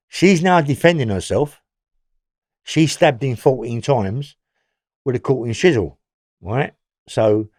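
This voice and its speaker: A man's voice: mid-range voice, darkish tone, no echo, studio quality. Blunt London man with rambling storytelling. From England. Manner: rambling, blunt, swears freely. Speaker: interview guest. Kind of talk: recounting prison stories.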